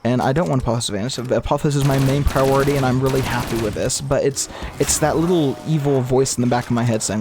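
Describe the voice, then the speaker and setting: A man's voice: medium pitch, fast talker, few pauses. A man in his twenties giving casual, rambling commentary while playing a game, often restarting his sentences and muttering gameplay remarks under his breath. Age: 20s. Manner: rambling, with frequent restarts and stumbles; switches between lively talk and muttered gameplay remarks. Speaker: gaming YouTuber. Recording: game gunfire and noise behind voice. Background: video game gunfire and zombie sounds.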